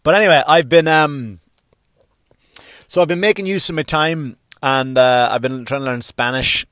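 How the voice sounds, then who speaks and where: A middle-aged man doing a stand-up monologue, swearing freely and jumping into high voices to act out characters. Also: moderate pace, no room sound, clean studio sound. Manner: animated, swearing, acts out characters with sudden pitch jumps. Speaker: stand-up comedian.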